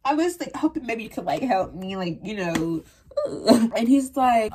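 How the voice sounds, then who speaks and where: A young woman telling a storytime vlog, animated and profane, squealing into high voices for quoted lines. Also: brisk, husky.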